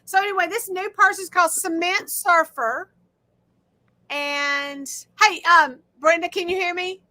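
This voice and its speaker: A middle-aged woman hosting a craft livestream, chatting casually and talking loudly so her guest can hear over the audio trouble. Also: very high voice, a little slow. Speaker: livestream host.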